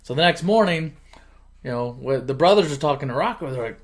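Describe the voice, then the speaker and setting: A man hosting his channel, casually retelling a movie plot in an animated, chuckling, conversational way. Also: mid-range voice, fairly quick. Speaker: channel host.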